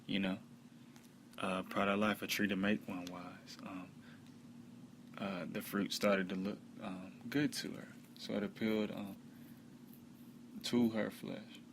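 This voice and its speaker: A man with a lowish, level voice teaches from the Bible conversationally, with many fillers, reading scripture slowly and loudly. There's noise in the background.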